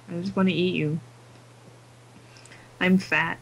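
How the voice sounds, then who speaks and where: A woman's voice: on the low side, fairly even intonation, fairly quick, long pauses, poor audio. An exhausted woman gamer chatting to herself during late-night gameplay, giggling as she goes. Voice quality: giggly, talks to herself and the game. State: exhausted, sleepy.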